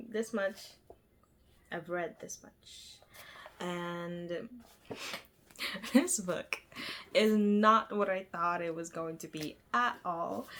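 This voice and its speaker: A young woman chatting casually about books she has read, rambling with lots of fillers, restarts and little stutters. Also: mid-range voice. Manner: rambling, filler-heavy, self-deprecating, stuttering. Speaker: book vlogger. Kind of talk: casual book review chat.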